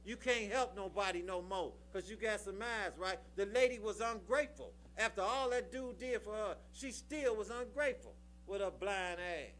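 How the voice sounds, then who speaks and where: A man's voice: high voice, moderate pace, hardly any pauses, a bit bright, a little hiss or hum. A man speaking at a recovery meeting, telling a story in a colloquial, preachy way and often tagging his lines with "right?". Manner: preachy, repeats phrases for emphasis.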